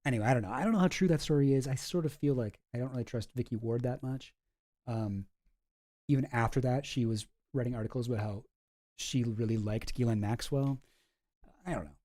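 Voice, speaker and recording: A man's voice: medium pitch, fairly quick, dark tone. A man giving casual, rambling commentary with lots of fillers, reading documents aloud as he goes.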